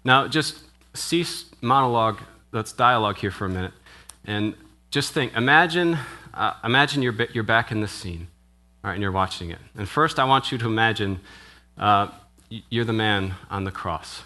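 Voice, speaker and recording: A male minister gives a conversational sermon in a church. He draws the congregation in with questions and a steady "right?". His voice sits a little low but comes across bright and forceful. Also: moderate pace. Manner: asks the congregation questions, with frequent "right?" tags; conversational, with restarts and brief laughs. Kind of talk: interactive sermon.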